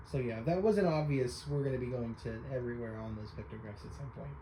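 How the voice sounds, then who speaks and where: A man's voice: medium pitch, quick pace, hardly any pauses, noisy background. A man giving casual, offhand let's-play commentary over a game, talking loosely with frequent fillers. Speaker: game streamer.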